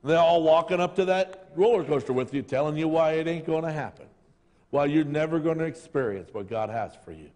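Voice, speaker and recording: A man's voice: a little high, animated, fairly quick, warm tone. A man preaching a casual, joking sermon to his church, calling out to the congregation and asking for amens. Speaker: pastor. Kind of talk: lively sermon. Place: church service in a sanctuary. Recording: long hall reverb.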